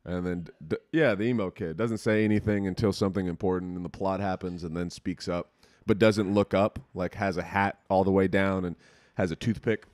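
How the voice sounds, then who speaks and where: Young man, podcast host, very deep voice, dry close sound, casual rambling chat, profane. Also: fairly even intonation, a little fast, a little mellow, no echo.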